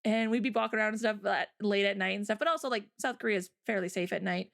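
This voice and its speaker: A woman's voice: mid-range voice, fast talker, gravelly, a bit bright. A woman hosting a casual chat, telling stories in a bubbly, giggly way. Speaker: host.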